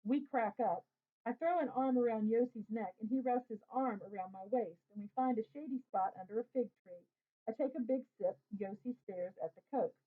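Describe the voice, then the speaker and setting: A woman reading a first-person novel aloud as an audiobook narrator, telling the story in a lively boy's voice. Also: on the high side, normal speed. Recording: tinny phone-like audio.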